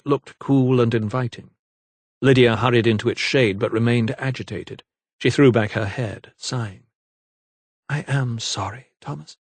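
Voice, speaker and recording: A man's voice: medium pitch, no echo. Man narrating an audiobook, dry close sound. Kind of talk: scripted narration.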